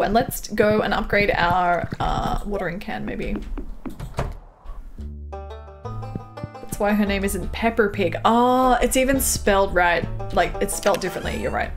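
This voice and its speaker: A young Canadian woman streaming a farming game, chatting casually and reading her chat aloud with frequent giggles. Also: mid-range voice. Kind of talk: casual live-stream chat while gaming. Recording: clear game music under the voice. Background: game music.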